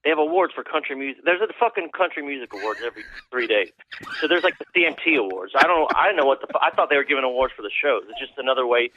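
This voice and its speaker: A man's voice: mid-range voice, lively intonation, rapid-fire, a little hiss or hum. A man, a country musician guest, telling rambling, profane stories in a casual interview. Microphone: phone call. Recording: tinny phone line, dry.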